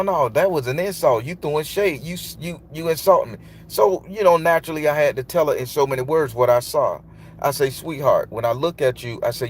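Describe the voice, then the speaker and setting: A man, a tarot reader telling a long, loose, profane story in casual monologue. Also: medium pitch. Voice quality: loose, profane, emphatic delivery.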